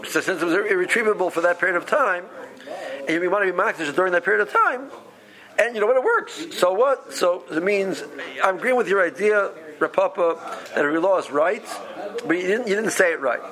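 Animated man teaching a Talmud class. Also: high voice, a little fast. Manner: animated, acts out the rabbis' voices, many restarts. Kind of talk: explaining a text to a study group.

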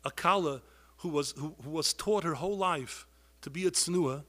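High bright-voiced preaching man. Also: normal speed. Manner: pleading, rises to loud outbursts, heavy Yiddish and Hebrew terms. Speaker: rabbi giving a talk. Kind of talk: impassioned sermon.

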